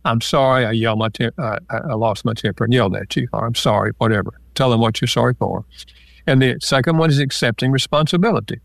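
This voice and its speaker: A man speaks as an interview guest, explaining each point patiently with examples. His voice sits at an ordinary pitch. The recording is close and dry, with no room sound. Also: fast talker, creaky, no room sound. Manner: calm, explanatory, gives examples. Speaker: author and marriage counselor guest. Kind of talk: interview conversation.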